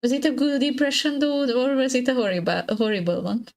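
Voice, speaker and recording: A young adult woman, a native Hungarian speaker, chatting casually on a live stream, giggly and hesitant with many fillers and restarts, her voice slightly husky. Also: high-pitched, steady tone, fast talker, rough recording.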